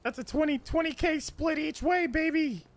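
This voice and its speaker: A man streaming a game role-play, talking casually, excitable, swearing and laughing a lot. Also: very high voice, normal speed.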